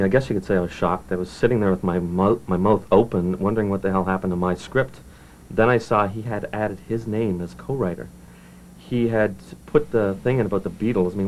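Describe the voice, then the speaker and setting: Man, screenwriter, mockumentary interview, resentful, lowish voice, faint music. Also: a little mellow, rough recording. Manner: resentful, aggrieved.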